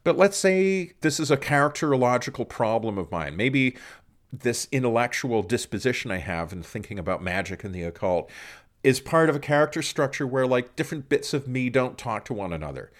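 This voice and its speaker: A man's voice: mid-range voice, lively intonation, brisk. A man talking casually as a guest scholar, profane and self-mocking, telling stories with plenty of swearing. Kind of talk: casual conversation.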